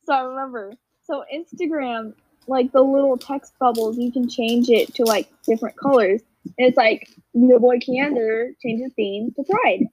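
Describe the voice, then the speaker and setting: A woman's voice: a little high, normal speed, slight background noise. A teenage girl casually telling a story to friends on a call, acting out quotes with lots of energy. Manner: animated, acts out quotes, frequent laughs. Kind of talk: casual group chat storytelling. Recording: dull, dry lo-fi call audio.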